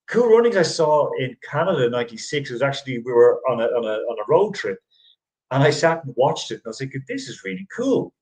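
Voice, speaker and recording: A middle-aged man hosts a casual sports chat show, talking fast and animatedly in a medium-pitched voice with a darkish tone. The audio is poor. He rambles, restarts often and laughs easily.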